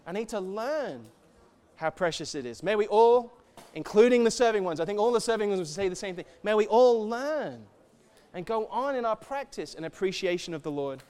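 A man giving an animated sermon, swinging from soft to shouting and acting out quoted voices. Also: high voice, fairly quick, clean tone. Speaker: church speaker.

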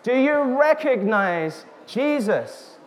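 A man preaching a sermon, slow and emphatic, calling out questions to the congregation. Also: very high voice, very animated. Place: church hall. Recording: reverberant hall with faint noise.

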